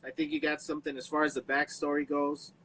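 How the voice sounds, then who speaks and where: A man's voice: on the high side, flat delivery, quick pace, a bit bright, slight background noise, low-quality recording. A young man hosting a casual podcast, laid-back and slangy, swearing in passing. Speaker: podcast host.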